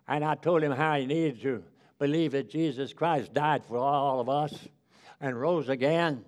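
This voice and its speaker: A male preacher giving a fervent sermon with personal stories, calling out hallelujah and drawing out key words. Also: medium pitch.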